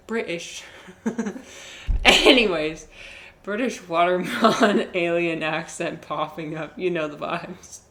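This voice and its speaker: A young woman chats with her viewers while she plays, giggly and easygoing. She talks slowly and unhurried, in a voice sitting slightly low. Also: a crowd in the background. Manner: giggly, chatty, reacts to chat. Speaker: streamer. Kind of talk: casual chat while gaming.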